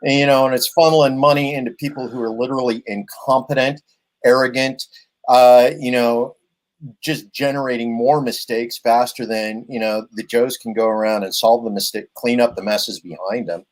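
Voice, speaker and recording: A man hosting a casual podcast conversation, talking in a measured, wry way and often filling gaps with "you know". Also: medium pitch, steady tone, rough recording. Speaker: podcast host.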